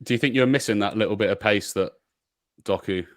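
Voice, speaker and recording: A man's voice: lowish voice, a little fast, no room sound, studio quality. A man hosting a casual football podcast, asking questions and steering the talk. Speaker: podcast host. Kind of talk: casual chat.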